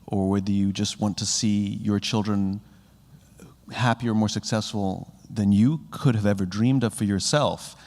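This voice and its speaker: A man's voice: lowish voice, a little mellow. A man giving a conversational keynote talk on leadership to a live audience, acting out little bits of dialogue as he goes. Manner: conversational, acts out quoted dialogue with rising animation. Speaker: speaker on leadership. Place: large hall with a live audience. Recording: reverberant hall.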